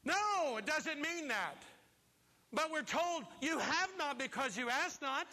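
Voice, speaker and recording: A man preaching a sermon as pastor, telling stories with lively acted-out voices. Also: very high voice, slow pace. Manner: animated storytelling, acts out voices. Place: church. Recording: long reverb of a large hall.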